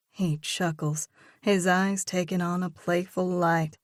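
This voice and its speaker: A woman narrating a first-person audiobook in a steady, measured reading voice. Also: fairly low pitch, no echo, studio quality.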